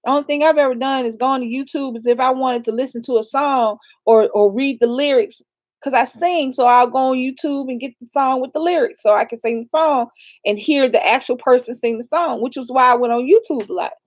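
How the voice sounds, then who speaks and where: A high-pitched woman co-hosting a casual chat, telling animated stories full of loud exclamations. The recording is dry and close, with no room sound. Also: a little fast, dry recording. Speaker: co-host of a couple's channel.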